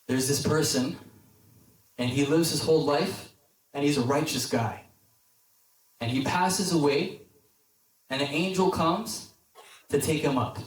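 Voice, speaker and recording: Casual young man preaching in an echoey hall. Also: medium pitch. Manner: conversational, lots of "like", animated when quoting characters. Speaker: deacon preacher at youth group. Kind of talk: casual youth sermon with storytelling. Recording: echoey hall, mic at a distance.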